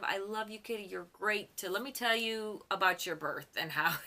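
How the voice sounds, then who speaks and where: A woman on camera talks through a show episode in a loose, chatty recap. Her voice is sharp and bright, and she gushes with plenty of ums and quick self-corrections. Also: medium pitch. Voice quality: chatty and gushing. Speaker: fan channel host.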